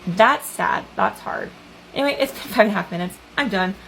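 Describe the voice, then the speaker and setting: A woman talks through a casual vlog in a hesitant, filler-heavy way. Her voice has a gravelly, creaky edge. A faint hiss sits behind it. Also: medium pitch, animated, a little fast, fairly bright tone, low-quality recording. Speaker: vlogger.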